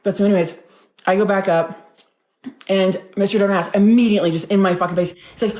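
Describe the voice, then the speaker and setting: A woman's voice: mid-range voice, steady tone, fairly quick, darkish tone. Chatty woman telling a story, echoey room. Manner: chatty, filler-heavy, swearing. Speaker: storytime vlogger. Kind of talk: casual storytelling. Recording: roomy echo.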